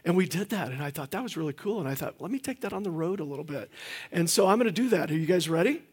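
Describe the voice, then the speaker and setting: Talking fast and sounding animated, a middle-aged man delivers a sermon as guest pastor in a church sanctuary. His fairly high voice is slightly rough, and his folksy, joking style is full of fillers and restarts.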